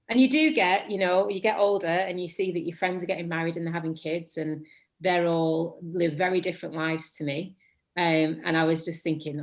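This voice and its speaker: A woman from England, in her thirties and speaking with a Mancunian accent, is a guest actor in a casual interview. Her voice is on the low side and a little fast, and she rambles, corrects herself, and remarks that she tends to sound monotonous.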